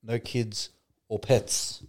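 A man's voice: fairly low pitch, little pitch movement, extremely slow, darkish tone. A man co-hosting a podcast, laid-back and teasing in casual banter. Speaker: podcast co-host.

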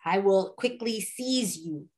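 A woman voicing a horrible, very old bearded man who speaks slowly and threateningly. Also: mid-range voice, expressive, a little mellow. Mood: menacing. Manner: slow and threatening.

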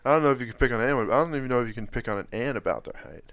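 A man's voice: medium pitch, rapid-fire, a crowd in the background. A young man co-hosting a podcast, teasing his friends and joking in rambling casual chat. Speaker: podcast co-host.

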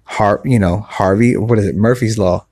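A man hosting a podcast, giving earnest, repetitive motivational talk in a soft voice, recorded on his phone outside on a patio. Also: on the low side, moderate pace, no echo, clean studio sound. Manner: earnest, repetitive, restarts often; speaking softly. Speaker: podcast host. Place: outdoor patio by a pool at night.

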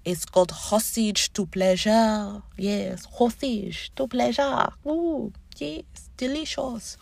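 A woman in her thirties hosting a casual podcast, chatty and animated, swearing and going off on tangents. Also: fairly high pitch, slow, vocal fry, dry recording. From Canada. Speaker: podcast host. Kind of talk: casual chat.

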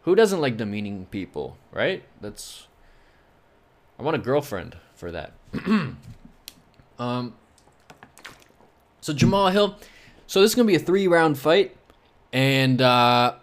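A man talks through fight picks on his solo podcast, drifting into jokes and side remarks. His voice sits at an ordinary middle pitch, and he fills his sentences with loose, easygoing fillers. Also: very animated, measured pace, long pauses. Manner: rambling, joking, heavy on "you know" fillers. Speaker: podcast host.

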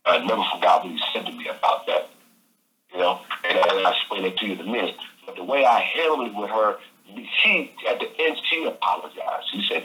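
A man telling a story as an interview guest over the phone, animated and repeating phrases. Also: deep voice, brisk, slight background noise. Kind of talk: casual storytelling. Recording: phone line.

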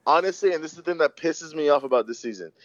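A man's voice: on the high side, lively intonation, racing, no echo. A man in a casual discussion, blunt and emphatic, hammering his point home. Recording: dull lo-fi dry recording.

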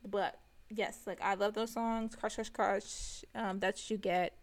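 A woman's voice: mid-range voice, fairly even intonation, measured pace. A woman co-hosting a podcast in casual chat, a little tipsy, hesitant and stuttering with many ums. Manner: hesitant, stuttering and umming a lot. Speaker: podcast co-host.

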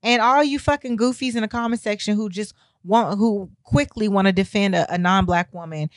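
Woman going off on a blunt cussing rant, fed up and emphatic, mid-pitched voice, dry close sound. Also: brisk, no echo. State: exasperated. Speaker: vlogger. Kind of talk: heated opinion rant to camera.

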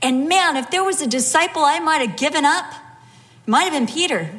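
A middle-aged woman delivers a sermon in a high voice. She tells her stories vividly and acts out what people said along the way. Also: moderate pace. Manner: storytelling with animated acted-out quotes. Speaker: preacher.

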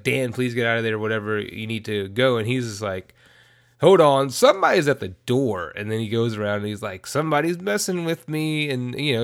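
A man hosts a podcast and retells a movie plot in a loose, unscripted way. He drops in lots of fillers and curses freely. His pitch sits in the middle range for a man. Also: fairly bright tone. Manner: profane, laid-back retelling with many fillers. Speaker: podcast host. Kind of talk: casual movie recap.

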